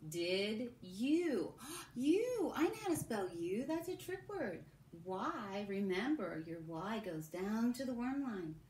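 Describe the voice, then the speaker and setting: A woman teacher giving a recorded phonics lesson to young children, modelling sounds and sentences slowly. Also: fairly high pitch, big pitch swings, darkish tone, recorded from a distance. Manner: slow, sing-song, drawn-out modelling of sounds and sentences. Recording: echoey room with faint background hum.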